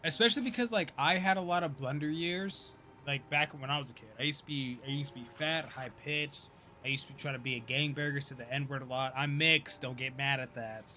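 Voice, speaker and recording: A man in his thirties giving casual, profane live-stream commentary, chatty and quick to laugh. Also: medium pitch, pushed and bright, a little hiss or hum. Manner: loose, profane, laughs often, chatty asides.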